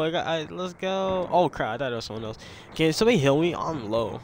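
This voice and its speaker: Excitable young man gaming, faint hiss. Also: on the high side, fast talker. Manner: excitable, repeats himself, yelps when attacked. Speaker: gameplay streamer. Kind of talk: casual gameplay commentary.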